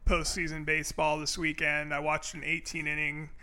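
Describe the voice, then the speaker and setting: A man's voice: on the high side, completely flat delivery, moderate pace, sharp tone. A middle-aged man co-hosting a sports podcast, chatty and agreeable. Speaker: podcast co-host. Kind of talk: casual sports chat.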